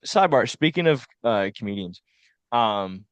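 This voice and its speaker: A man's voice: medium pitch, moderate pace, clean tone, no room sound. A young man from South Carolina co-hosting a casual chat podcast, rambling and laughing as he tells stories. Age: young adult. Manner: rambling, laughs often, animated storyteller. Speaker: podcast co-host.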